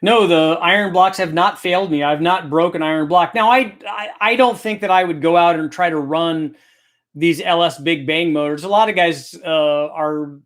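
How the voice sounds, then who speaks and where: A man in middle age talks through engine questions from viewers in an easygoing, explanatory way. His voice sits a little high for a man. He often pauses to restart a thought mid-sentence. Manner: relaxed, explanatory, thinks aloud with restarts. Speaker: host answering viewer questions. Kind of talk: casual technical Q&A chat.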